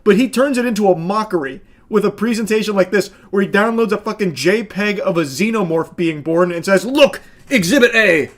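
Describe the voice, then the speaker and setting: A man's voice: high-pitched, brisk, hardly any pauses. A man streaming casual reaction commentary, sarcastic and exasperated, swearing often as he picks apart a clip.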